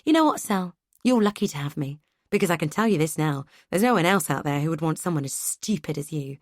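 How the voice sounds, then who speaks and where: A woman's voice: low-pitched, normal speed, creaky, breathy edge, no echo, clean studio sound, full character voice. A woman voicing a cruel, controlling husband who belittles his partner with contempt. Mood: scornful.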